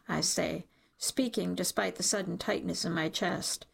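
A woman's voice: mid-range voice, moderate pace, vocal fry, breathy edge. A woman reading a first-person story aloud in an intimate, emotional narrating style. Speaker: audiobook narrator.

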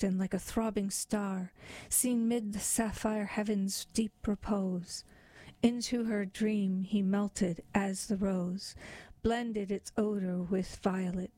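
A woman reading narrative poetry aloud in a measured, expressive way. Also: medium pitch, no echo. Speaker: reader.

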